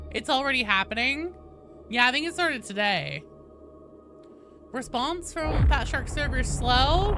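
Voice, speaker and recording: A woman game streamer chatting casually, greeting viewers one by one, her voice a bit gravelly from allergies. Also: high voice, sing-song, unhurried, long pauses, over music. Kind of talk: casual live-stream chat.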